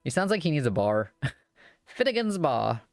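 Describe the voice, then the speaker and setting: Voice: medium pitch, big pitch swings, unhurried, dry recording, clean studio sound, soft background music. A streamer reading a romance visual novel aloud live, with giggly, chatty joking asides.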